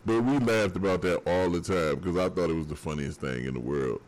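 Deep-voiced man giving an on-air tribute. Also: fairly quick, darkish tone. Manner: tearful yet laughing while reminiscing. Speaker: radio host.

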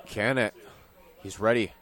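A young man calling high school football play-by-play, his voice climbing sharply on big plays. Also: fairly even intonation, measured pace, a bit bright. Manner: rises sharply in pitch and volume on big plays. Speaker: play-by-play commentator.

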